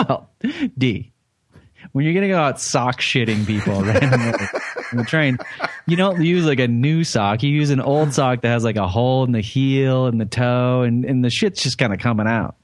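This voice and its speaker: A man's voice: mid-range voice, normal speed. A man co-hosting a comedy podcast, telling a news story in casual, profane, rambling chat. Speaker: podcast co-host.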